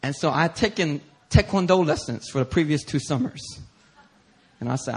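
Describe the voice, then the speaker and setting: A man pastor preaching a sermon through an animated story, acting out voices and bursting into shouts. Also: a little high, a little fast, breathy edge.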